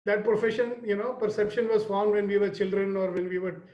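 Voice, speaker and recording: A man with an Indian accent gives a leadership lecture in a high voice, checking in with his listeners and telling stories. The room sounds roomy, and the recording is slightly dull. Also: fairly even intonation, brisk, darkish tone. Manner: earnest, questioning the audience, storytelling. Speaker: leadership trainer.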